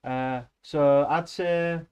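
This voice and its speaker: A man's voice: on the high side, fairly even intonation, extremely slow, a little mellow, clear, resonant tone, muffled recording. A young man streaming, chatting to viewers in a rambling, offhand way and swearing casually. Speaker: livestreamer.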